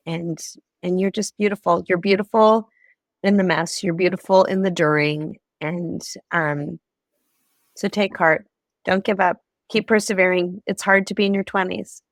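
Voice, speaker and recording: A middle-aged woman with a fairly low voice talks as a guest on a podcast. She is earnest and encouraging. The recording is close and dry. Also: steady tone, moderate pace, dry recording. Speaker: podcast guest, ministry founder. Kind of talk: casual interview chat.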